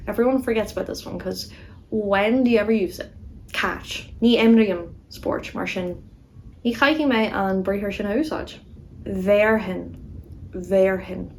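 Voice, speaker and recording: A woman teaching Irish verbs with an Ulster Irish accent, repeating each form slowly and adding playful asides. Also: medium pitch, a little hiss or hum, low-quality recording. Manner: slow, careful drilling of words with playful asides. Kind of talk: casual spoken lesson.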